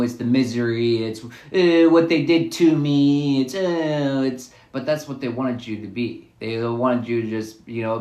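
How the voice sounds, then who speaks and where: Man, mid-pitch, loose spiritual monologue, repeats himself, recorded in a roomy, echoing space. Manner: rambling, repetitive, musing.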